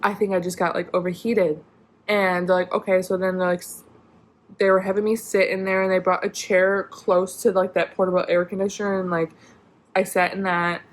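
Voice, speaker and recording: A woman's voice: on the low side, level tone, a little fast. A young woman vlogger telling a personal story in a casual, rambling way, full of "like" and restarts. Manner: rambling, many "like" fillers and restarts.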